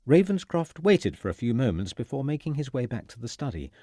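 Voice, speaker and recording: A male audiobook narrator telling a period mystery with an animated, lively intonation. His voice sits in an ordinary middle pitch. The recording is dry and close, with no room sound. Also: a little fast, no room sound. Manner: expressive storytelling.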